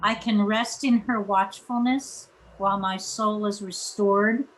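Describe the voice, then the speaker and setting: A woman in an online study class, reading a psalm translation aloud slowly and carefully. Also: medium pitch, steady tone, slight background noise, poor audio. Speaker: class participant. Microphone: video call.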